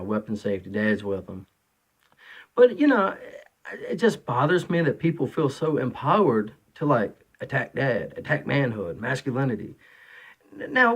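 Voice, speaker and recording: A man in his thirties, a father of three, talking casually and rambling through an opinion monologue, full of fillers and restarts. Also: mid-range voice.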